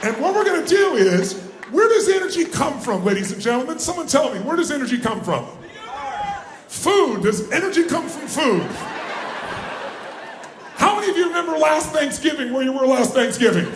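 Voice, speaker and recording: A man giving a live motivational seminar talk, energetically calling on the crowd to answer and shout back. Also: very high-pitched, normal speed, background noise. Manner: energetic, calls on the crowd for responses. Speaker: motivational speaker. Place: large hall with a live audience. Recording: roomy hall sound.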